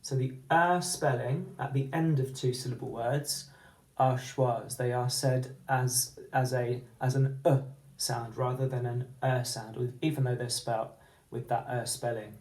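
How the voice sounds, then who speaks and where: Slow, mellow-voiced male phonics teacher. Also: mid-range voice, steady tone, reverberant, rough recording. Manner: slow, deliberate, sounding out letters. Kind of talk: phonics lesson.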